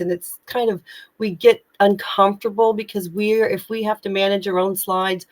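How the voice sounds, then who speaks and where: A woman's voice: medium pitch, fairly even intonation, moderate pace. A woman communication coach giving tips in a live online session, speaking with energy, urgency and emphatic projection.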